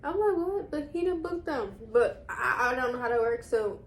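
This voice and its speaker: A woman in her twenties, a vlogger casually chatting and rambling through a recap with quick asides. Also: a little high, lively intonation, a little hiss or hum. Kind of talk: casual chat.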